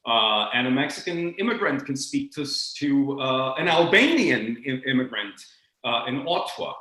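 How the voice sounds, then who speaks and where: Man lecturing animatedly, echoey room. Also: mid-range voice. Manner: expressive, acts out accents in quick asides; frequent restarts and stammered repeats. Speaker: guest speaker on linguistics.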